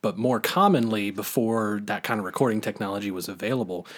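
A man's voice: fairly low pitch, brisk. A man co-hosting a podcast in casual chat, rambling and self-deprecating, laughing often. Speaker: podcast co-host.

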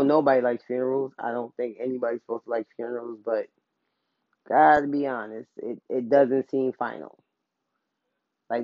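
A man's voice: medium pitch, no echo. Man in a loose personal monologue, rambling and joking at himself; dull, dry recording. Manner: casual, rambling, self-deprecating humor.

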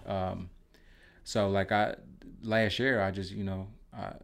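A man's voice: deep voice, flat delivery, takes it slowly, gravelly. A young man, a guest talking hesitantly in a casual conversation. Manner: hesitant, many fillers and restarts.

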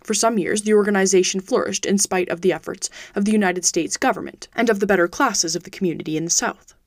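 A woman reading a classic detective story aloud as host of her audiobook podcast, steady and even. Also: medium pitch, fast, dry recording, studio quality. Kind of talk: audiobook narration.

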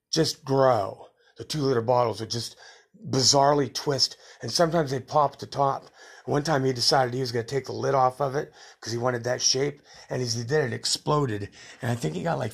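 A middle-aged man hosting a podcast, telling rambling stories from his youth in a casual way and laughing at his own tales. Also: mid-range voice. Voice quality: gravelly, husky. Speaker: podcast host. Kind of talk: casual storytelling.

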